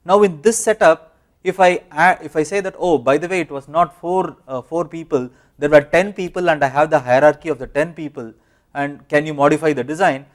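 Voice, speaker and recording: A man's voice: a little high, fairly quick. A man with an Indian English accent giving a university lecture, explaining step by step with fillers and self-corrections.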